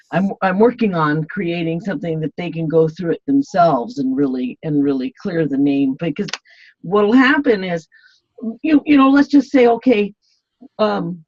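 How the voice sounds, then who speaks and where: A woman's voice: lowish voice, expressive, a little slow, darkish tone, dry recording. A woman guest in an interview, talking in a rambling way with many fillers and restarts. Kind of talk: casual interview talk. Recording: dull, dry lo-fi sound.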